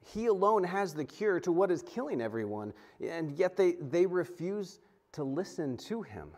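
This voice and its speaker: At a normal speed and with a high voice, a man preaches as a pastor in a casual, lively way, frequently tripping over words, starting again, and dramatizing quotations.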